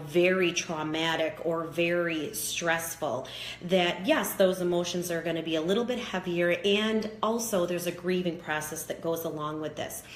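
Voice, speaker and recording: A woman giving a guided self-help talk, calm, encouraging and instructive as she walks listeners through steps. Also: lowish voice. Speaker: wellness teacher. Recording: echoey room with faint background noise.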